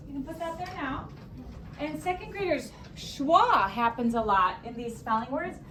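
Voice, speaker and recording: An elementary school teacher runs a spelling lesson for young children, speaking in a slightly high, expressive, somewhat bright voice at normal speed. She uses an upbeat, sing-song rhythm and draws words out one syllable at a time. A light hiss runs beneath the recording.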